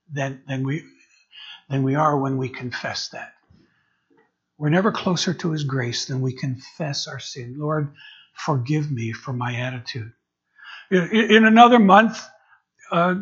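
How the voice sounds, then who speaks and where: An interim pastor with a fairly high, slightly bright, husky voice delivers a sermon. He often restarts and repeats words while searching for his phrasing, on a dull lo-fi recording.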